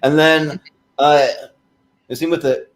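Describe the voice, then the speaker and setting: Rambling young podcast co-host. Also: male voice, a little high, steady tone, slow. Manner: hesitant, heavy use of "like" and fillers. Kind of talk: casual chat.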